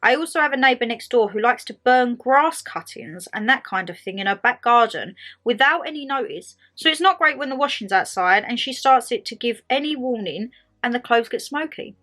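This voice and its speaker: A woman's voice: fairly high pitch, moderate pace. A woman hosting a casual chat video, ranting animatedly and acting out what people say. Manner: animated storyteller, acts out quotes, laughs often. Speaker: vlog host. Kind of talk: casual chatty rant. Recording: faint music underneath.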